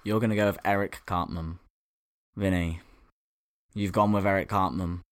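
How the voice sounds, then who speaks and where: A man's voice: sits low, steady tone, normal speed, clear, resonant tone. A man hosting a casual podcast quiz, laughing often and swearing casually. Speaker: quiz host.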